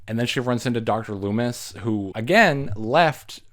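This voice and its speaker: A man casually recapping a horror movie, animated, acting out the characters and laughing as he goes. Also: medium pitch, moderate pace. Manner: animated retelling, acts out characters, laughs often. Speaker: movie reviewer.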